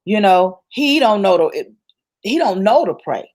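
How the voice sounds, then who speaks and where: A woman guest, medium-pitched and sing-song, talks a little slowly with a darkish tone. In conversation she recounts her personal testimony in church-rooted, colloquial language, stressing and repeating things as she builds her case.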